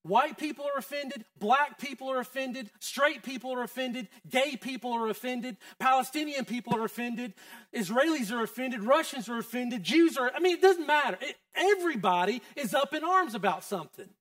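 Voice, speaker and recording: A man's voice: very high-pitched, expressive, normal speed, fairly bright tone, no echo, studio quality, recorded from a distance. A man preaching a sermon as pastor, in a casual, conversational way that keeps quizzing the congregation. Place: church.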